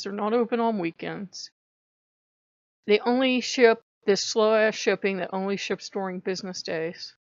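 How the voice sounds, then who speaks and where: A woman's voice: mid-range voice, no echo. A woman ranting in a casual vlog, swearing a lot and sounding fed up. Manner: profane, exasperated venting. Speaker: vlogger. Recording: dull lo-fi sound.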